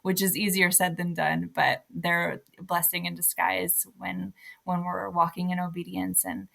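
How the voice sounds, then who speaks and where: A young woman with a low, gravelly voice talks in an even, flat tone as a podcast guest. She sounds earnest and reflective. Her speech is casual and conversational. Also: measured pace. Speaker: author guest.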